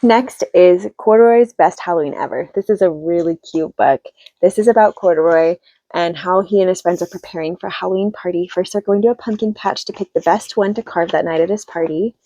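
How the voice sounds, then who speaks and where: A woman's voice: fairly low pitch, fairly quick, dark tone, no echo. A woman in her thirties, a homeschooling mom, chatting casually as she retells children's books with an upbeat manner. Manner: chatty and upbeat, retells stories with light laughs. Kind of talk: casual book review. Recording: slightly dull lo-fi sound.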